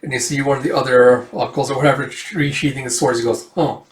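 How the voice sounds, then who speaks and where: A man casually recapping a comic book, voicing the characters' lines himself and jumping into loud shouts for the dramatic ones. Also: medium pitch, steady tone, quick pace. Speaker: manga reader recapping a comic. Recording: echoey room, far from the mic.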